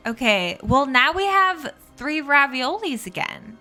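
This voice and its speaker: Giggly, animated woman streamer. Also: high voice, takes it slowly, few pauses, soft background music. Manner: giggly, chatty, greets and thanks viewers. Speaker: live streamer. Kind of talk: casual live game stream chat.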